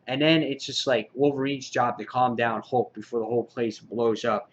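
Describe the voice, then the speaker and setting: A man giving a casual comic book review, with many "uh" fillers, getting excited as he retells the story. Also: medium pitch, normal speed, hardly any pauses, muffled recording. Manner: frequent "uh" fillers, excitable retelling with quoted lines.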